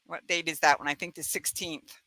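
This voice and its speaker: A woman's voice: low voice, fairly even intonation, fairly quick, sharp tone, dry recording. A woman hosting a casual live-stream chat from home, talking freely and laughing often. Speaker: host.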